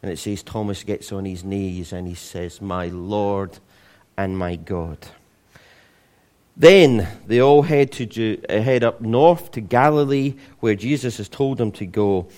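A man preaching a sermon in a relaxed, conversational way, with jokes and frequent restarts. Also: lowish voice, a little slow. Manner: conversational, humorous storytelling with many restarts.

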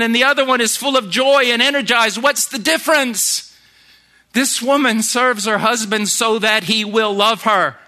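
A middle-aged man preaching a sermon, moving between hushed, intense passages and shouted emphasis. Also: extremely high pitch.

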